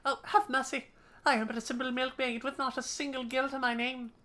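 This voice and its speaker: A woman's voice: high voice, little pitch movement, fairly quick, a bit bright. A woman voicing a young woman who poses as a meek, politely pleading milkmaid. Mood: prim. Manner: prim, overly polite pleading.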